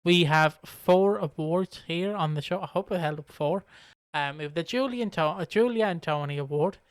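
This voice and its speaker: Excitable young british guy rambling on a pod, bit high pitched, really dry sound. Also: moderate pace, dry recording. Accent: British English. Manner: excitable, laughing, rambling lists. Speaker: podcast co-host. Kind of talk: casual chat.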